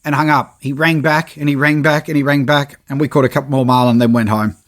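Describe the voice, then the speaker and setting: A middle-aged man hosting a podcast, telling a story with lively energy and acting out his own reactions and the quotes of others. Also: medium pitch, quick pace. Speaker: podcast host, photographer. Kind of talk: animated storytelling.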